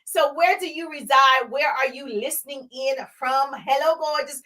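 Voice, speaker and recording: A woman's voice: high voice, moderate pace, pushed and bright. A woman with a Southern accent from Georgia hosting a live business Q&A stream, greeting viewers in a bubbly, sing-song way before teaching.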